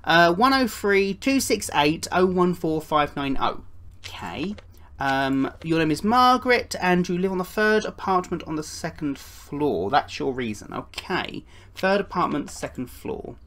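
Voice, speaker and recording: A woman's voice: fairly low pitch, expressive, a little slow, a bit bright. A woman giving playful gameplay commentary, chatting and slipping into put-on voices for the characters. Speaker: gaming YouTuber.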